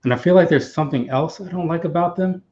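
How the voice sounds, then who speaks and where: A man's voice: a little high, fast, darkish tone. Easygoing man hosting a livestream. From United States. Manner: easygoing, talks in hesitant, rambling bits. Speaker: livestream host. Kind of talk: casual livestream chat. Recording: dull lo-fi sound.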